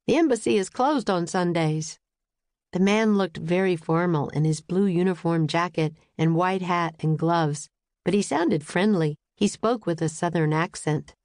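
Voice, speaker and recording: A woman narrating a children's audiobook with clear storytelling, recorded close in a studio. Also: on the low side, measured pace, darkish tone, dry recording. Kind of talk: scripted narration.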